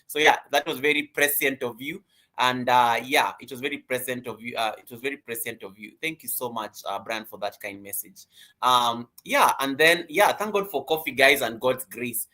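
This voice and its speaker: A man's voice: medium pitch, moderate pace, sharp tone. A man hosting a casual live-stream class, chatty and teasing, greeting viewers by name. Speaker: live-stream host and YouTube coach.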